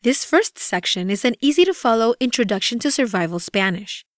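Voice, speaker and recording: A woman reading a scripted language course with a deliberate, evenly paced teaching delivery. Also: a little high, big pitch swings, no echo, studio quality. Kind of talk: scripted instructional narration.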